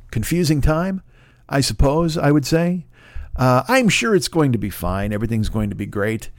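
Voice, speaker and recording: A man's voice: a little high, dry recording, studio quality. A middle-aged man hosting a podcast, telling profane, ranting stories in a solo comedic monologue. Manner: profane, ranting, animated storytelling. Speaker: podcast host.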